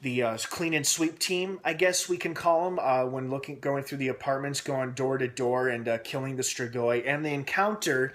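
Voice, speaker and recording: A young man talking through a TV episode recap in a loose, rambling way. His voice sits at an ordinary middle pitch, and "uh" fillers and restarts break up his sentences. He keeps tossing speculative questions out to his viewers. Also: moderate pace, hardly any pauses, fairly bright tone. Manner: asks himself questions aloud while speculating. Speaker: TV episode reviewer and channel host. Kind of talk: casual recap vlog.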